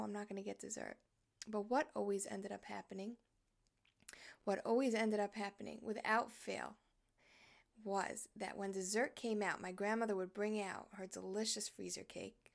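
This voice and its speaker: A woman's voice: mid-range voice, creaky. A woman giving a religious lesson, telling a personal story in an earnest, conversational way. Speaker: Torah teacher.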